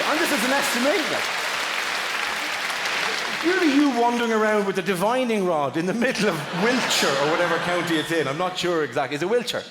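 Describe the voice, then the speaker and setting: Irish stand-up man, quick lively banter, high-ish voice, echoey theatre with a roaring crowd. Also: very noisy. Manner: rapid teasing banter, swearing. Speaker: stand-up comedian. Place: large theatre. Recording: echoey live theatre recording. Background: loud audience laughter.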